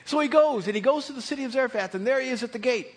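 A male pastor preaching a sermon, telling a Bible story with humor and animated storytelling. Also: very high-pitched, racing.

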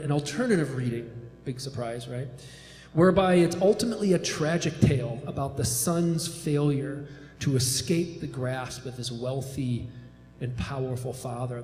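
A man's voice: medium pitch, a little mellow, echoey room, in a large hall, rough recording. A man retelling a parable in a conversational sermon style, with many asides and restarts.

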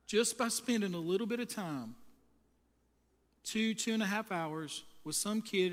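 High-voiced pastor in a reverberant church. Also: male voice, fairly bright tone. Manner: humorous storytelling, folksy and emphatic. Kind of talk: sermon to church volunteers. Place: church sanctuary. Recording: long hall reverb.

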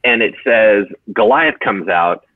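A man who is a pastor, teaching in a conversational, energetic way on a podcast. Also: lowish voice, slow pace, no echo. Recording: tinny phone-like dry sound.

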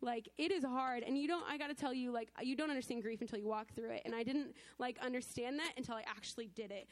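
A young woman in her twenties sharing a personal testimony at church, speaking in a loose, chatty way with lots of "like" and nervous laughter. Her voice sits a little high, and the sound is close and dry, with no room around it. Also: quick pace, no room sound. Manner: conversational, full of "like" fillers.

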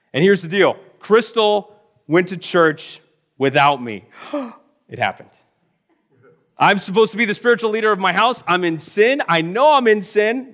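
A middle-aged man preaching a sermon, telling a personal story and acting out the voices he quotes, swinging from loud to hushed. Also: sits high. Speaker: pastor.

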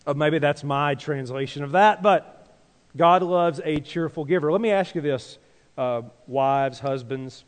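A man preaches in a church, his voice sitting a little higher than most men's. He talks conversationally and keeps turning to the congregation with questions and call-and-response lines. His words ring out with the long reverb of a large sanctuary. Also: a little slow. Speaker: pastor. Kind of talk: sermon.

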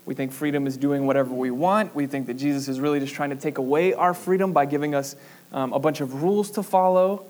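Young male preacher, slightly higher voice, relaxed conversational sermon delivery with a storytelling touch. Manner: casual, chatty storytelling with fillers and laughs; measured scripture reading.

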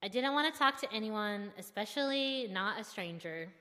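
A young woman seminary student telling a personal story in a candid, self-deprecating and expressive way. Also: mid-range voice, normal speed, in a large hall.

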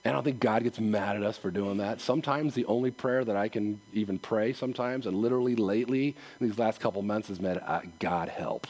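A male pastor preaching a casual, animated sermon, laughing often and acting out quotes. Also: on the low side, fast, few pauses.

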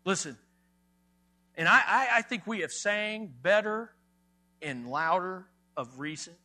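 A male pastor preaching a sermon, emphatic, rising loud on key words and dropping soft. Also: high voice, animated, a little slow.

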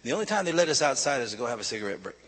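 A man preaching a sermon, telling his own story in a confessional way that builds to loud, shouted preaching. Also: mid-range voice, sing-song, rapid-fire. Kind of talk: sermon testimony.

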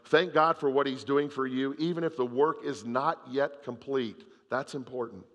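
A man preaching a sermon, reading scripture aloud and swinging between loud emphasis and hushed moments. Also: mid-range voice, fairly even intonation, moderate pace, in a large hall. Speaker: pastor.

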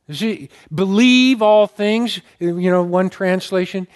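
Preaching to his congregation, a pastor tells stories in a fairly high voice, full of earnest feeling that sometimes makes him choke up. He stresses key words by letting his delivery rise and sink.

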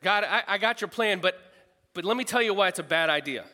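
A man's voice: high voice, animated, a little fast, bright, forceful tone, long reverb tail, pitched above the performer's own voice. A preacher voicing an exasperated prophet man. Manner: exasperated, complaining. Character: frustrated angry prophet man pleading with God.

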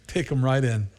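A male pastor delivering a sermon in a lively storytelling way. His voice sits at an ordinary middle pitch but leaps up when he acts out other people, and he laughs often between lines.

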